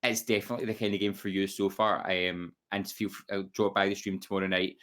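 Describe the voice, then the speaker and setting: This man has a low, fairly bright voice and a flat delivery, and he talks quickly. Co-hosting a podcast, he keeps things casual and rambling, full of restarts and fillers.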